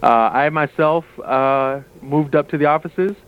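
A man's voice: fairly high pitch, a little slow, clear, resonant tone. A man calling in as a guest to promote his workplace, upbeat and full of "uh" fillers, heard over the phone. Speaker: guest, casino staff member. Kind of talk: promotional radio interview by phone. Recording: tinny phone line.

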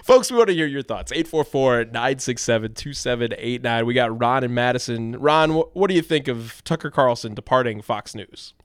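A man's voice: medium pitch, normal speed, hardly any pauses, smooth, no echo. Talk radio host guy, chatty, taking callers, pretty dry studio sound.

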